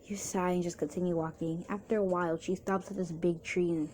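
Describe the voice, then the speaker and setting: A woman's voice: on the low side, fairly even intonation, fairly quick, darkish tone, a little hiss or hum. A woman narrating a second-person fan story casually, with restarts and chatty asides.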